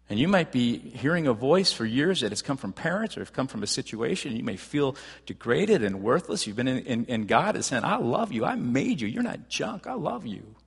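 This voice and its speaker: A man preaching a sermon as pastor, talking conversationally with frequent restarts and rising to animated emphasis. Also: medium pitch, vocal fry, slightly rough, big-room sound.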